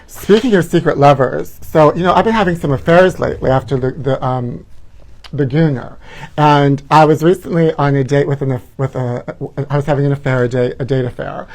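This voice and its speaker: Campy gossiping man who says honey. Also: on the high side. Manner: camp, gossipy, calls everyone honey, laughs at own jokes. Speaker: host. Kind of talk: campy celebrity gossip livestream.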